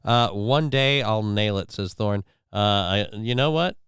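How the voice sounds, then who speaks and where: A man's voice: fairly low pitch, measured pace, fairly bright tone, smooth, no echo, studio quality. A man hosting a casual live stream, reading viewer comments and news stories aloud with sarcastic, offhand remarks. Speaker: livestream show host.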